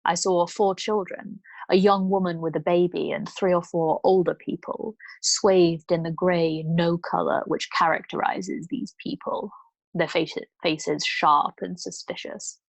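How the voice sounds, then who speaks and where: A woman storyteller reading a novel aloud in a calm, measured way. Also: fairly low pitch, vocal fry, no room sound. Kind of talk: bedtime book reading.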